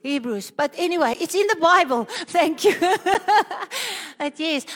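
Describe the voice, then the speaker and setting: Woman, preacher, high voice, slow delivery, charismatic sermon, rhythmic declarations, breathless at times. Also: lively intonation, in a large hall. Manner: rises into loud rhythmic declarations, speaks in tongues.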